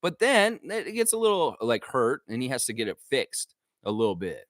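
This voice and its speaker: A man's voice: medium pitch, normal speed, no echo, studio quality. A man hosting a basketball fan livestream, talking in a loose, ranting commentary style with mocking asides. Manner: animated, ranting, mock-voices in asides.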